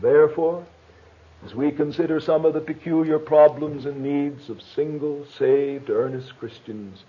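A middle-aged man preaches in an earnest manner, his voice sitting fairly high for a man. He rises to emphatic bursts as he presses his points. The recording is muffled and lo-fi. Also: steady tone, unhurried. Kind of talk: sermon.

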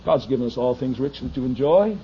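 Fiery preacher, hushed to shouting. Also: male voice, mid-range voice, animated, a little fast. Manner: swings from hushed asides to shouted pleas. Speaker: pastor. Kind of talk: fiery sermon. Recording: dull lo-fi archival recording with faint noise.

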